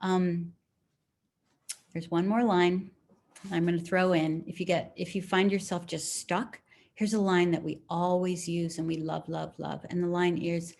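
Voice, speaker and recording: Low-voiced woman teaching writing. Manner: relaxed and encouraging, slows down to read poems aloud. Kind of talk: live call writing lesson with poem reading. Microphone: video call.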